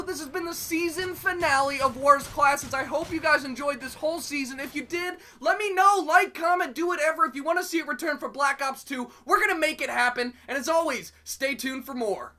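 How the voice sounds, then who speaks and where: Excitable, high-voiced young man commentating gameplay. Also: fairly quick, few pauses. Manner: excitable, melodramatic, self-mocking. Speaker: gaming commentator.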